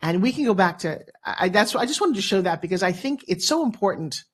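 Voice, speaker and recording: A woman in her fifties, a motivational speaker, telling a personal story as a talk show guest with dramatic, animated delivery. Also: medium pitch, quick pace, slightly rough. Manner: animated, dramatic storyteller who acts out quotes.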